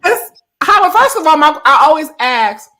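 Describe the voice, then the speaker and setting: Blunt high-voiced woman storyteller. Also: big pitch swings, a little slow, sharp tone. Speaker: podcast guest. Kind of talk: casual chat, storytelling.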